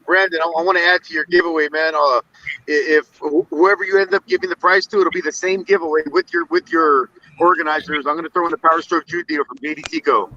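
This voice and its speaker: A man's voice: a little high, fairly even intonation, fast, pushed and bright, far from the mic, muffled recording. A man on a livestream, talking in a friendly way with many restarts while riding in a car as a passenger. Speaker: guest YouTuber on livestream. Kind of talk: casual livestream chat.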